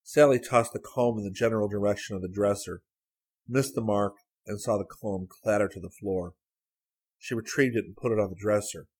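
A man reading a story aloud as an audiobook narrator, in a measured, even storytelling manner. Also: lowish voice, slightly rough. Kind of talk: scripted narration.

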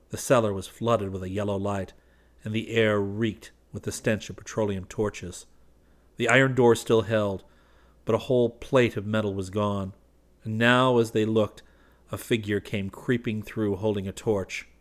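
Male audiobook narrator, lowish, measured delivery. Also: fairly even intonation.

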